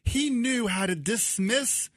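A man in his thirties, co-hosting a casual chat, animated and laughing often. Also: very high voice, slow pace, noisy background. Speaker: co-host.

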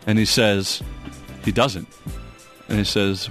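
A man's voice: on the low side, level tone, takes it slowly, a bit bright, faint music behind. A man co-hosting a casual chat, eagerly retelling movie scenes.

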